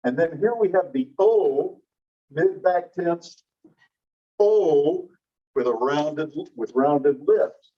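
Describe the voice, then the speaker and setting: A man teaching a classroom lecture on English sounds, relaxed and explanatory, slowing down to demonstrate words. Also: a little high. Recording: dull lo-fi classroom recording.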